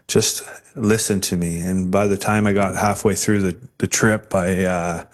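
Earnest man telling his testimony. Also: low-pitched. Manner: earnest, halting storytelling with restarts. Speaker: interview guest.

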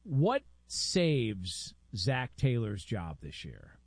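Guy on a sports talk show asking questions, kinda musing out loud, dry sound. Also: medium pitch, sing-song, drawn-out words, slightly rough, dry recording. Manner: probing, thinking out loud.

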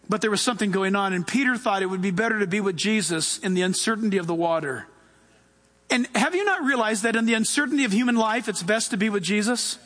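A male pastor preaching with a high, bright voice. He gets animated and acts out the voices of the people in his stories. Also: a little fast. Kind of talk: sermon.

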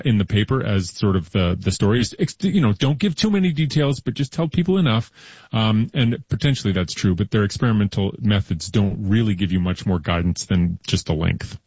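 Husky guy geeking out about biology, dull lo-fi sound, dry. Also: mid-range voice, darkish tone, no room sound. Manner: enthusiastic, explanatory, many fillers. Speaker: podcast co-host. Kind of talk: casual science chat.

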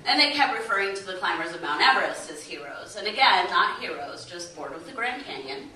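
A woman performing a stand-up comedy set, delivering deadpan punchlines and slipping into mock-regal voices. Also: fairly low pitch, distant mic. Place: comedy club stage with audience. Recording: echoey club heard from afar with crowd noise.

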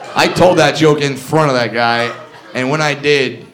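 A man doing a brash, loud stand-up comedy set, telling a story to a live audience. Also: medium pitch, steady tone, a little slow, crowd noise. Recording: noisy live club recording. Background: audience laughter.

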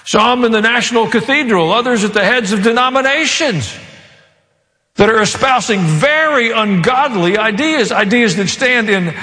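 Male pastor mid-sermon, high and swooping voice, long hall reverb. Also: expressive, normal speed. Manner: preaching, with sudden rises and quiet asides.

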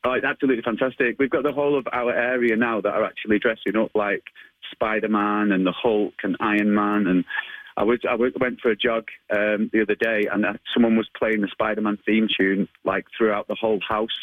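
A man's voice: on the low side, flat delivery, fairly quick, no room sound, narrow, tinny audio. A British man in his thirties, a guest chatting casually in an interview, laughing often and repeating words as he gets going. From United Kingdom. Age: 30s.

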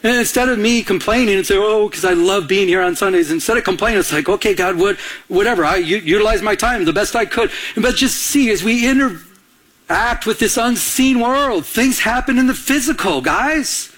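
A pastor preaches a sermon, telling a personal story with animated energy and laughing at himself. His voice sits high and his pace is moderate.

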